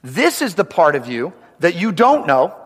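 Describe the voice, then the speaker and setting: A man's voice: a little high, big pitch swings, moderate pace, big-room sound. A man preaching a sermon in a church, talking conversationally and often checking for agreement. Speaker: pastor.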